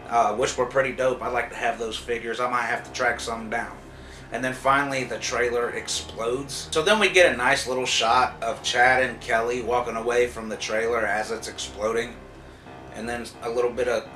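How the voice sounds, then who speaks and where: Here a man's mid-range voice comes across pushed and bright while he loosely recaps a TV episode, spoilers included. He curses often and leans on fillers such as "like" and "uh." The recording has roomy echo, a distant mic, and faint music.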